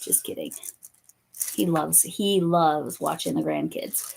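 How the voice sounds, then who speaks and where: A woman's voice: low voice, huge pitch swings, takes it slowly, vocal fry, darkish tone, slight background noise. A woman in her fifties hosting a crochet channel, chatting casually with viewers by name while she crafts, often correcting herself.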